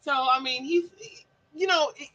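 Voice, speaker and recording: A woman's voice: high-pitched, normal speed, bright, forceful tone, dull audio. A woman hosting a casual chat stream, bubbly and laughing often. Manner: bubbly, laughs often, does silly voices. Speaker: livestream host.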